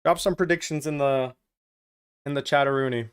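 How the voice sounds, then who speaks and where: A man's voice: mid-range voice, moderate pace, smooth. A man from Germany hosting a casual live watch-along stream, joking around and teasing the viewers as he reads their chat messages aloud. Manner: jokey, reads out and teases chat.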